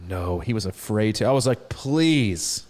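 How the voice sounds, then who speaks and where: A man's voice: lowish voice, brisk. A middle-aged man co-hosting a podcast, telling a story in casual chat with lots of restarts and laughs. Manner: rambling, animated, laughs often, many restarts. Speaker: podcast co-host.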